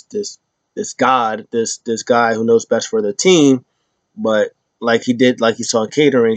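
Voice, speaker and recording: A man giving a casual recap of a wrestling show, animated, acting out quotes in high mocking voices. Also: dry recording, dull audio.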